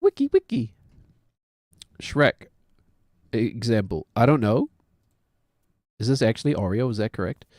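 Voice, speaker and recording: A man's voice: on the low side, moderate pace, pauses often, a little mellow, dry recording, studio quality. A man in his thirties with a New Zealand accent, chatting casually while he plays a game and cracks self-mocking jokes. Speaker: streamer.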